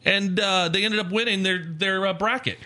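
A man in his forties co-hosting a podcast, telling animated stories with frequent laughter. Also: sits high, normal speed. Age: 40s. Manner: animated storyteller, laughs often, mimics voices. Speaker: podcast co-host. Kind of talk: casual podcast chat.

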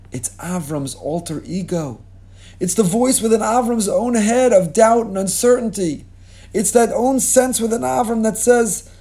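A man's voice: high voice, dark tone. A man giving a sermon as a rabbi, telling a story dramatically and asking rhetorical questions with passion.

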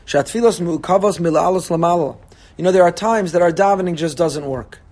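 A man's voice: high-pitched, fairly quick. A man giving a sermon as a rabbi, preaching with animation and acting out quoted voices. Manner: animated preaching, voicing God and congregants.

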